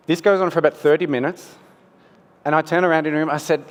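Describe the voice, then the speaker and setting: A male scientist, telling a first-person story in a relaxed, conversational way during a conference talk. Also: medium pitch, fast talker. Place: conference hall. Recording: long hall reverb.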